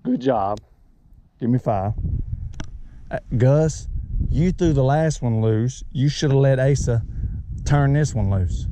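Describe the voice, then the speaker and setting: A man, talking excitedly outdoors on a lake as he coaches and teases his sons while fishing, recorded on a chest-mounted camera. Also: medium pitch, takes it slowly, long pauses, a little hiss or hum. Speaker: fishing vlogger and father. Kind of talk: casual outdoor fishing vlog. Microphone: chest-mounted action camera.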